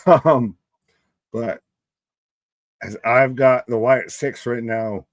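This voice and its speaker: A man hosting a casual wrestling live stream, talking loosely to his chat and swearing freely. He breaks into laughter between his calls of the action. His voice sits at a middling pitch and sounds dry and close to the mic. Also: very slow, no echo. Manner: loose, profane, laughing, talks to chat by name.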